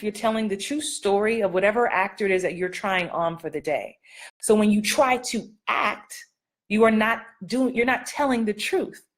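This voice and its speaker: A middle-aged woman acting coach giving casual live-stream advice, playful and sassy, laughing often and acting out line readings. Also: medium pitch.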